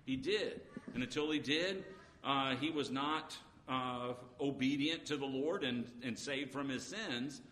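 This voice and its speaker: A man's voice: mid-range voice, unhurried, fairly bright tone. A man preaching an earnest sermon, reading scripture aloud between his own explanations, with frequent "uh" fillers. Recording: long reverb, faint background noise.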